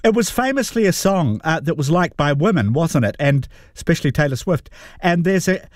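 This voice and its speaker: Nz guy interviewing, polite and encouraging, pitch moves around a lot, bit high. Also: expressive, normal speed, a little mellow, no room sound, clean studio sound. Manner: polite, encouraging, laughs readily.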